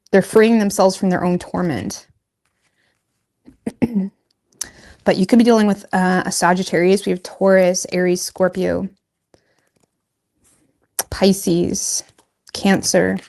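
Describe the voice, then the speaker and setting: A woman's voice: on the low side, level tone, takes it slowly, vocal fry, pauses often, darkish tone. Chatty lady doing a tarot reading, laughs at herself a lot, loose casual talk. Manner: chatty, laughs at herself, lots of "like" and "you know". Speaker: tarot reader.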